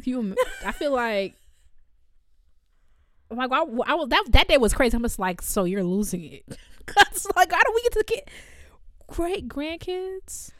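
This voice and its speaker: A young woman, chatting casually as a podcast co-host and telling animated stories. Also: sits high, unhurried, pauses often, dry recording. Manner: animated storytelling, laughs often, acts out voices. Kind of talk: casual chat.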